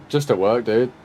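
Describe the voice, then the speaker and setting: A man's voice: medium pitch, darkish tone, slight background noise. A man streaming a sim racing session, tired and yawning, chatting casually and joking with viewers he greets by name. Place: at home.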